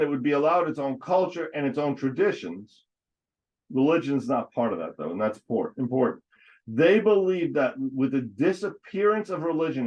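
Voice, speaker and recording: A man's voice: fairly high pitch, a little mellow. A man giving an adult education history lecture, often breaking off mid-word and correcting himself. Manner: halting, frequent false starts and self-corrections. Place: congregation classroom. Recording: dull lo-fi recording.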